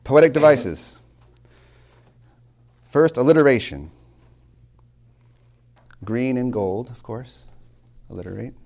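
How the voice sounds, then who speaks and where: A man lecturing on poetry as a college tutor. He slows down to stress key words, swings from loud to near-whispered, and drops wry asides to his students. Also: mid-range voice, lively intonation. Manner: dramatic swings in loudness, drops to near whispers when savoring lines; slow, deliberate emphasis on key words.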